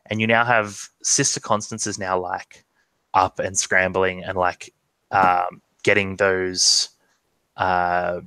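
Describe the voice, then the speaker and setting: A man narrating a tabletop game as its game master, casual and halting, full of fillers. His voice sits a bit low but sounds bright and forward, close and dry over a video call mic. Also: level tone, clear, resonant tone, dry recording. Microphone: video call microphone.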